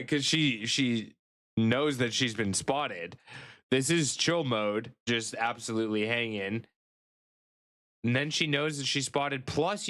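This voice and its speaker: Male streamer, casual live chat, very unhurried delivery, playful and cooing. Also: medium pitch, a bit bright, smooth. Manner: playful, coos over pets in baby talk.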